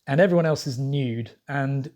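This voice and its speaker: A man's voice: mid-range voice, moderate pace, darkish tone. A man talking casually to camera as a vlogger, rambling with frequent fillers and restarts.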